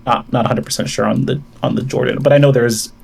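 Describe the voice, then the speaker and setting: A man with a gravelly, creaky voice argues his side on an online debate call. He builds his case at length, with frequent fillers and restarts. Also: mid-range voice, fairly even intonation, fast talker. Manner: lays out a long argument with many fillers and restarts. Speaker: caller debating the host.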